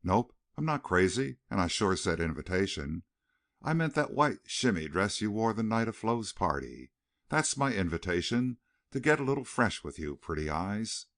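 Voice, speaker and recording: A man's voice: lowish voice, sing-song, normal speed, a bit bright. A man voicing a burly, coarse cowboy ruffian who talks in a genial, leering drawl.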